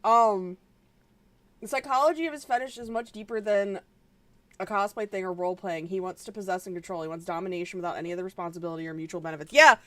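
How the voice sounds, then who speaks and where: A woman's voice: mid-range voice, fast, no echo. A woman streamer giving blunt, swearing reaction commentary while she plays a game. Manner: animated, swears a lot, blunt.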